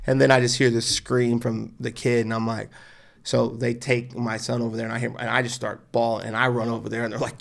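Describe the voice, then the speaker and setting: A man's voice: medium pitch, fairly quick, creaky. A man in his forties, a podcast guest, telling an emotional personal story with earnest feeling and acting out the voices of the people in it. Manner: animated, acts out the voices of people in his stories.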